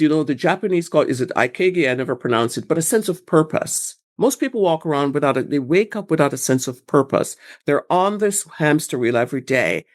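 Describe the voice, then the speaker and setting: A woman guest speaking about workplace burnout in a rambling, animated way, acting out quoted examples. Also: deep voice. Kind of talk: conversational interview answers.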